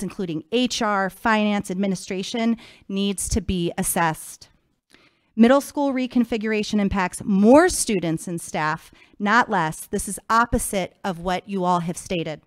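Firm woman addressing a school board. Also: mid-range voice. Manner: firm, pointed and critical. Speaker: public commenter at a school board meeting. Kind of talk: prepared public comment.

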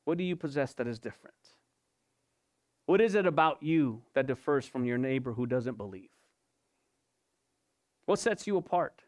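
A man's voice: medium pitch, animated, moderate pace, pauses often. A male pastor giving an evening sermon, asking rhetorical questions and repeating his points for emphasis. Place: church service.

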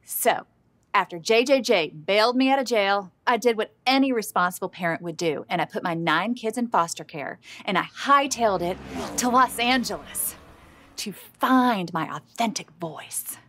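A woman telling her own story as the lead of a comedy mockumentary, earnest and self-deprecating, awkward and halting at an audition. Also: mid-range voice, lively intonation, a bit bright. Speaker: comedic narrator and lead character. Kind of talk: deadpan mockumentary narration.

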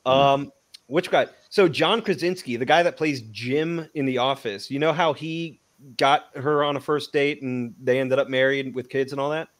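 A man's voice: mid-range voice, moderate pace. A man cracking profane jokes and telling rambling bits on a casual livestream. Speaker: guest.

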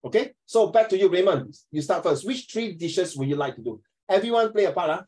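Lively teacher, animated pitch. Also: male voice, fairly quick, low-quality recording. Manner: lively, playful, switching between English and Mandarin. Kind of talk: classroom discussion.

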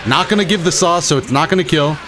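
A man giving live commentary on his own fighting-game matches, excitable, swinging between muttering and shouting, his throat a bit rough. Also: fairly high pitch, fast talker, music in the background. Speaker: gaming YouTuber.

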